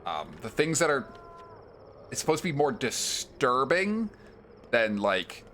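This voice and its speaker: Lively, wry male game streamer. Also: mid-range voice, a little slow, slight background noise. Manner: chatty, wry asides between reading game dialogue aloud. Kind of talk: live gameplay commentary.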